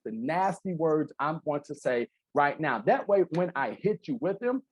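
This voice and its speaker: A man's voice: a little high, no room sound. A man giving an interactive real estate training over a video call, teasing his audience with jokes as he teaches. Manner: joking, lively teaching banter.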